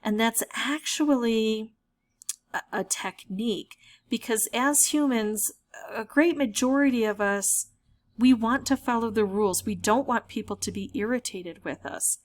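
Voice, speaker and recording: A woman's voice: on the high side, a little slow. A woman who makes gaming videos, giving playful, wry commentary with an amused, explanatory manner. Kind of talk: playful commentary reading chat messages aloud.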